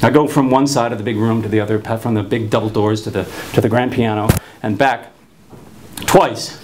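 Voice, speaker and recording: A man's voice: lowish voice, fairly quick, darkish tone, slight background noise. A man in his fifties from New Jersey telling a personal story wryly, with frequent stuttered restarts. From New Jersey, USA.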